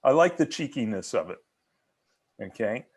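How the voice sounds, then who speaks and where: A man of ordinary pitch leads a haiku workshop over a video call. He quizzes participants and explains things with frequent restarts and repeated words. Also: sing-song, normal speed, darkish tone, breathy edge. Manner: questioning, teacherly, many restarts. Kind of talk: online workshop discussion.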